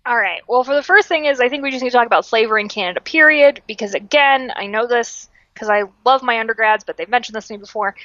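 A woman's voice: fairly high pitch, quick pace, hardly any pauses, no room sound, muffled recording. A young adult woman co-hosting a podcast, explaining history in casual talk with frequent fillers and restarts. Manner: lively, self-correcting, frequent fillers and restarts. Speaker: podcast co-host.

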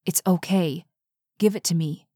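A woman reading aloud, voicing an impatient, gruff man who speaks in a curt, scornful, demanding way. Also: fairly low pitch, measured pace, warm tone, no room sound, studio quality.

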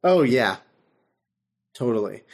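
A man hosting a podcast, retelling an episode in casual chat, animated and full of fillers and laughter. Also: mid-range voice, takes it slowly, creaky. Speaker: podcast host.

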